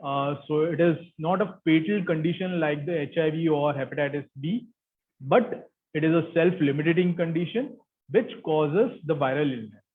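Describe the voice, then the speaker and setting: A man's voice: a little high, normal speed, slight background noise. Indian guy giving a lecture, lots of uh's, tinny phone-ish sound. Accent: Indian English. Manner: explanatory, with frequent fillers. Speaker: guest lecturer. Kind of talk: academic lecture.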